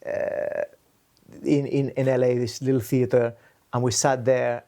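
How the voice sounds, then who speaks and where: A man who hosts a relaxed podcast, spinning long, rambling stories between bursts of laughter. His voice sits at an ordinary middle pitch, and his tone stays easygoing and conversational. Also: measured pace. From Wales. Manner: rambling anecdotes, laughs often. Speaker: podcast host. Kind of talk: casual chat.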